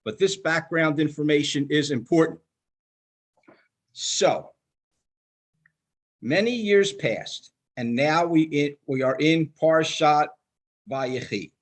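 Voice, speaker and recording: An older man giving a sermon in a measured, emphatic manner, slowing down to stress quoted scripture. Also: fairly high pitch. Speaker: rabbinical student giving a sermon.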